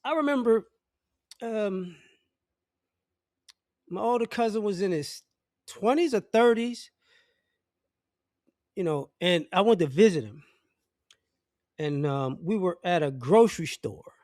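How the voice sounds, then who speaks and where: Blunt, high-voiced middle-aged man ranting. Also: expressive, slow, long pauses, darkish tone, no room sound, clean studio sound. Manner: blunt, profane, rambling with restarts. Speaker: vlogger. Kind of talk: casual opinion rant to camera.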